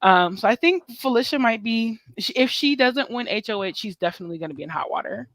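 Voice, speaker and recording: A woman co-hosting a podcast in casual chat, giving quick, sure-sounding opinions. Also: a little high, animated, a bit bright, dry recording. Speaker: podcast co-host.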